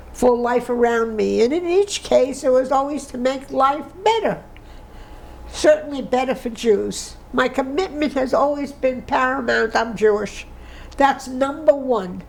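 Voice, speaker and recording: A woman's voice: high voice, creaky, a little mellow, rough recording. A woman in her nineties giving an oral history interview, emotional and tearful, reminiscing with restarts. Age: 90s. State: crying.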